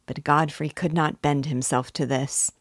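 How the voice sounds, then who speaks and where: A woman teacher reading a classic novel aloud in measured, even narration. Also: low-pitched, no echo, studio quality. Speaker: literature teacher.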